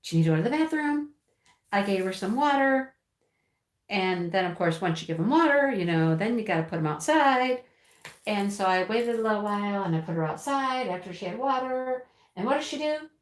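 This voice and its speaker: A woman hosting a home livestream, chatting casually and telling a rambling, animated story with frequent laughs while she crafts. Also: mid-range voice, moderate pace. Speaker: livestream host. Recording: roomy echo.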